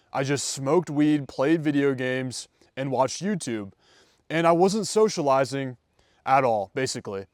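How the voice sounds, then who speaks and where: A dating coach in his twenties gives casual vlog advice in a conversational way, acting out example conversations. His medium-pitched voice is recorded in studio quality with no room sound.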